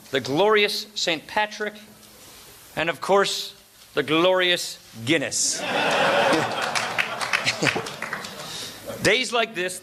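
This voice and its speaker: A man's voice: a little high, pushed and bright, slight background noise. Joking man giving a luncheon speech. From Wisconsin, USA. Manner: jokey, pauses for laughs after punchlines. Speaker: speaker at a formal luncheon. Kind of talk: formal speech with jokes. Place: large banquet room. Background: audience laughter and room ambience.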